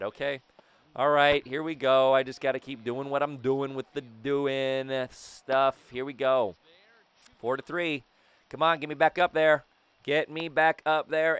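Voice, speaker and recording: A young man giving excited commentary on his own gameplay, talking to himself, his throat a little raspy. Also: a little high, unhurried, no echo. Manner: hyped, talks to himself and the game. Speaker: gaming video host.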